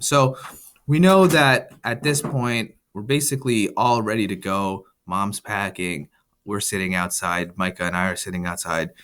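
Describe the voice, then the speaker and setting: A man's voice: fairly low pitch, fairly bright tone. A man working as a writing tutor who reads a student story aloud and explains it in a casual, explanatory way, with fillers.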